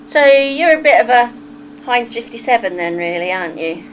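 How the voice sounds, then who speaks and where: A woman's voice: a little high, expressive, normal speed, slight background noise, low-quality recording. An English woman hosting a livestream, chatting casually with her viewers, laughing often and drifting onto tangents. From England. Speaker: livestream host. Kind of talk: casual chat reading a live chat.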